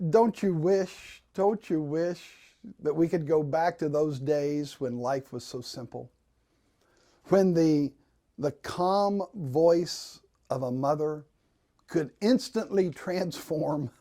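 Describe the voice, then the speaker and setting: A man gives a devotional talk in a slow, unhurried way. His voice is mellow and soft-edged. He tells the story in a folksy, gently humorous manner. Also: fairly high pitch. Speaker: pastor giving a devotional.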